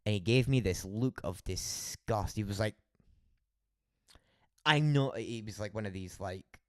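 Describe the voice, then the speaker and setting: Sweary young Scottish man, low-voiced. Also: steady tone, moderate pace, darkish tone, dry recording, clean studio sound. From Scotland. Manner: rambling, swearing storyteller with frequent laughs. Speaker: streamer. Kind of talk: casual late-night stream chat.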